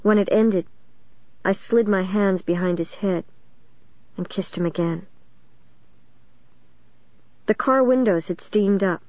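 A woman reading a first-person story aloud in a steady, measured way. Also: mid-range voice, no echo, highs cut off. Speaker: audiobook narrator.

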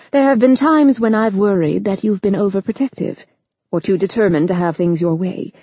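A woman narrator voicing a gentle, loving elderly grandmother who speaks in a soothing, patient way. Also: medium pitch, slightly rough, dry recording, lo-fi sound.

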